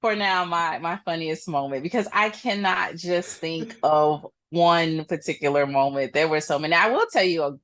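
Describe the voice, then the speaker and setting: A woman guest in a casual interview, bubbly, laughing easily and thinking out loud as she talks. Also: low-pitched, normal speed, few pauses. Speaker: interview guest, employment programs manager.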